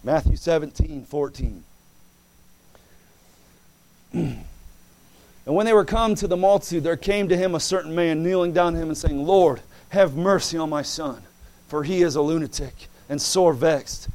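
A man preaching a fervent sermon, reading scripture aloud and swinging from quiet asides to loud exclamations. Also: fairly high pitch, moderate pace, pauses often. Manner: acts out quoted voices in dialogue.

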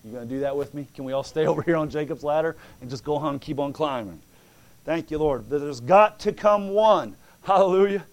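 A male preacher delivering a sermon, moving from quiet talk into fervent preaching. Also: sits high.

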